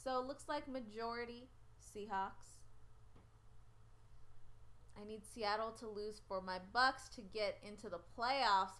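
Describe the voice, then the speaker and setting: A woman's voice: a little high, fairly bright tone. A woman hosting a casual sports picks stream from home, chatting and rambling as she reads out viewers' picks into a webcam. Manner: rambling and chatty, often loses track. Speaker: host of a sports picks show. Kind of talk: casual livestream chat reading viewer comments.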